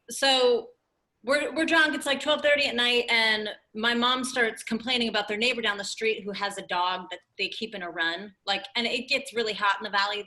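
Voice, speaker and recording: Bright-voiced young woman telling a funny story. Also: medium pitch. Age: late 20s. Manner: animated, laughing storyteller with many "like"s. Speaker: comedian guest. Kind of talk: storytelling on a comedy podcast.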